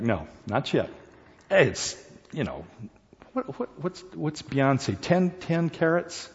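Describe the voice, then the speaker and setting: Folksy man telling a story in a hall. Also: on the high side. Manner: folksy, halting, animated, addresses audience directly. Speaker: speaker. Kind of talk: storytelling to an audience. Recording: dull sound in reverberant hall.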